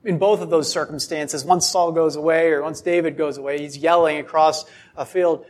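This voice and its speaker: A man with a slightly high voice preaches a sermon. He speaks deliberately, posing frequent rhetorical questions and acting out quotes.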